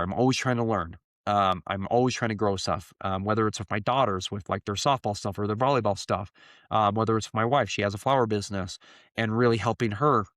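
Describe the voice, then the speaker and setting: Guy in his 30s talking earnestly on his podcast, lots of ums, lowish voice, dry close sound. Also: a bit bright, no echo. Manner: earnest, rambling with many fillers. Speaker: podcast host. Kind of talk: casual solo podcast monologue.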